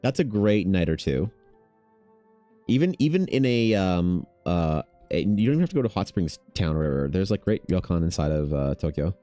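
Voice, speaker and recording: A man's voice: low voice, very animated, brisk, mellow, soft background music. A man chatting casually on a stream in a laid-back, slangy, rambling way. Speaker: streaming artist. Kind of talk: casual chat on a livestream.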